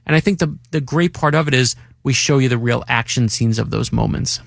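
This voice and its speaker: A male author being interviewed in a radio studio, an excited storyteller who acts out quotes. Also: medium pitch, fairly quick, creaky, no room sound. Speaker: author guest. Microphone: studio microphone.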